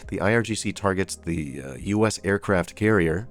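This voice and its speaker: A man's voice: deep voice, moderate pace. A man reading out daily headlines and breaking off into sarcastic, informal asides as a news commentator. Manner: reads headlines then adds sarcastic asides.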